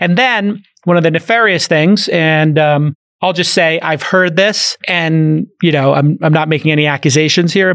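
A man from Brooklyn hosting a podcast, chatting casually and telling stories with jokey asides. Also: high voice. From Brooklyn, New York. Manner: animated, jokey storytelling with frequent asides. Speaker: podcast host. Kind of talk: casual business podcast chat.

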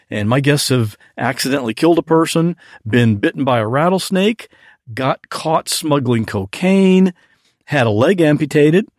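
A man's voice: medium pitch, no room sound, studio quality. A man leaving a recorded message for a podcast host, talking about a favorite show in a storytelling way. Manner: animated storytelling. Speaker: podcast guest caller.

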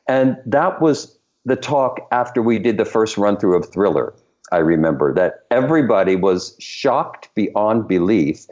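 Older male guest, deep-ish voice, very animated storyteller, dull lo-fi recording. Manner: animated storyteller, laughs between stories. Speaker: choreographer guest. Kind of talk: anecdotal interview storytelling.

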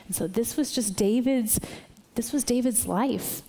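A woman's voice: on the high side, unhurried, mellow, big-room sound. A woman giving a conversational church sermon. She speaks earnestly and informally, often asking "right?" to keep listeners with her.

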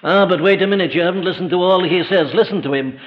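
A man with a high-pitched voice delivers an emphatic sermon. He presses his points with rhetorical questions and slows right down on key phrases. The recording sounds dull and lo-fi. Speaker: preacher.

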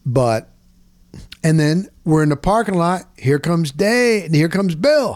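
A middle-aged man, telling a rambling story in casual chat, dropping "boom" into his sentences. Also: a little slow, no room sound, clean studio sound. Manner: animated, punctuates with "boom". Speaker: sports radio co-host.

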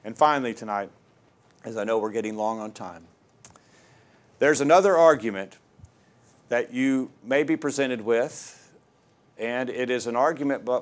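A man preaching in an earnest, emphatic way, stressing his points as he reads scripture passages aloud. His voice sits at an ordinary middle pitch for a man. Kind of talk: sermon.

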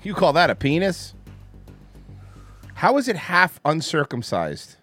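Comedy co-host, man, animated sing-song delivery, faint music underneath. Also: on the high side, unhurried, husky. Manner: jokey, mock outrage. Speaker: podcast co-host. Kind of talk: riffing on a video with friends.

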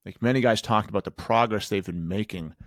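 A man's voice: lowish voice, brisk, no echo, studio quality. A middle-aged man hosting a podcast, talking earnestly in a rambling way with many restarts. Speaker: podcast host and men's group coach. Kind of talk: casual solo podcast talk.

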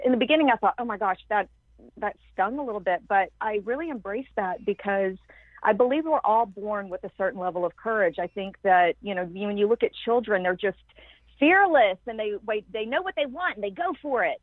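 A woman's voice: mid-range voice, dry recording. A woman guest on a podcast, an empowerment coach speaking emphatically and effusively in long flowing runs. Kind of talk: casual podcast interview. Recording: tinny phone-like line, dry.

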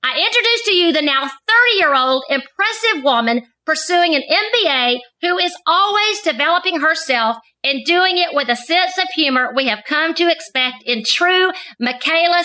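Bright high-voiced woman reading an introduction. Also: expressive, low-quality recording. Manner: measured, emphatic reading of lists of traits. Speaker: co-host. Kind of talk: scripted narrated introduction.

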